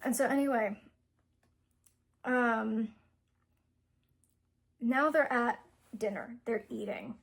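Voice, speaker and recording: Breathy young woman rambling through a plot. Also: on the high side, slow pace, pauses often. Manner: rambling, full of "like" and "um" fillers, giggly. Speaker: book reviewer. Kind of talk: casual plot retelling.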